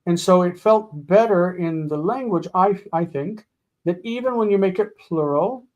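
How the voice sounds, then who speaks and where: A man teaching a live online grammar lesson, explaining patiently and slowing down to spell out forms. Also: high-pitched, a little mellow, highs cut off.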